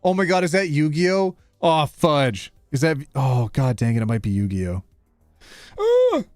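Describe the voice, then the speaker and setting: A man's voice: medium pitch, moderate pace, dry recording, clean studio sound, faint music behind. A man streaming live, chatting casually with his audience in a playful, teasing way. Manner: playful, animated, teasing, reading chat aloud.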